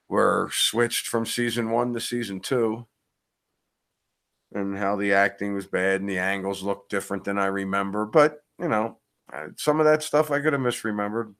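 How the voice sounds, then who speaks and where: A man's voice: on the low side, a bit bright. Sleepy laid-back man chatting. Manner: laid-back, laughing often. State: sleepy, yawning. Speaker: online show host. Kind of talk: casual chat.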